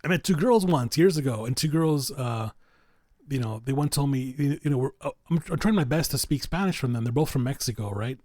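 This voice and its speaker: A man chats as a guest on a podcast, rambling through his stories and leaning on constant fillers. His voice sits at a middle pitch. It is recorded dry and close. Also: animated, brisk, a little mellow, no room sound. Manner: rambling, fills nearly every phrase with "you know". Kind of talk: casual conversation.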